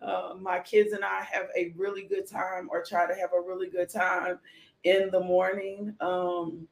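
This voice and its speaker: A woman's voice: lowish voice, little pitch movement, unhurried, gravelly. Goofy lady hosting a live morning devotional, laughing and reading comments, kinda echoey. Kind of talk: casual live-stream chat. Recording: roomy echo.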